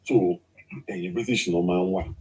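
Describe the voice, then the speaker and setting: Sex: man. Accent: Yoruba. Role: talk show guest. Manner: explanatory, lecturing. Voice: lowish. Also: fairly even intonation, fairly quick, warm tone.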